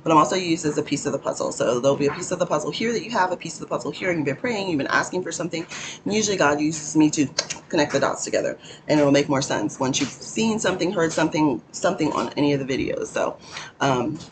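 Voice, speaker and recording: A woman hosting her own channel, giving a rambling spiritual teaching in a hoarse morning voice from a cold room, often stopping to thank the Holy Spirit. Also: sits low, animated, fast talker, background noise. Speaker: channel host.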